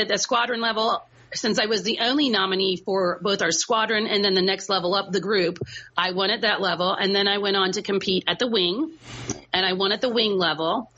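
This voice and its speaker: A woman being interviewed, telling her own story in a lively, chatty way. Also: medium pitch, husky. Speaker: podcast guest and co-host. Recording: dull lo-fi sound with faint noise.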